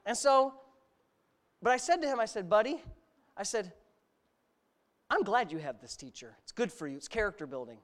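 A middle-aged man preaching a sermon, animated and sarcastic, rising to near-shouts. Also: high voice, normal speed, pauses often. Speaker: pastor.

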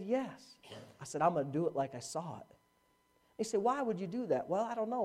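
A middle-aged male pastor delivering a sermon. His pitch leaps and falls with lively, animated energy as he tells a story. He drops to near whispers and then bursts out loud. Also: fast talker. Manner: animated storytelling, swinging from hushed to shouting.

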